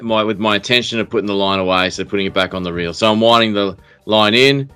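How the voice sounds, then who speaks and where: A man's voice: fairly low pitch, fast, bright, forceful tone, smooth, soft background music. An Australian man hosting a casual podcast chat, telling stories with many restarts and fillers. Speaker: podcast host.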